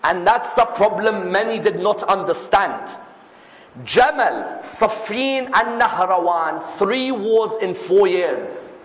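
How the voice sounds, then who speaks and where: In an echoey hall, a man delivers a religious lecture in a high, animated voice with a fairly bright tone. He takes it slowly, pressing his points with rhetorical questions and emphatic repetition, as a preacher would.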